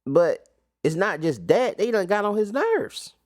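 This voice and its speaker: A man's voice: high-pitched, sing-song, a little slow, darkish tone, dry recording, studio quality. A man teaching an informal Bible study recap, talking casually with slang and rhetorical questions.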